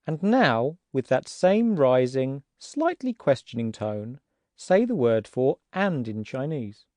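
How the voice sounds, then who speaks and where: A man narrating an audiobook language lesson, patient and clear, acting out example words to show how tones rise and fall. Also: medium pitch, sing-song, slow pace, darkish tone, no echo, clean studio sound.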